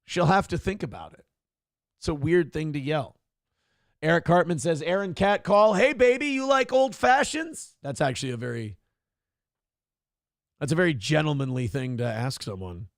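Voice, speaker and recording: A man's voice: moderate pace, vocal fry, pauses often, no echo, studio quality. A man hosting a morning talk show, casually reading viewer comments aloud with sardonic mock indignation and cursing freely. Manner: puts on a high sing-song voice for quoted lines.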